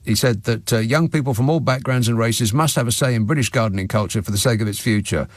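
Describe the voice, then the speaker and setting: A man's voice: mid-range voice, fast, no echo. A man hosting a radio phone-in, talking in a dry, sardonic way from a studio microphone. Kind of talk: talk radio monologue and phone-in.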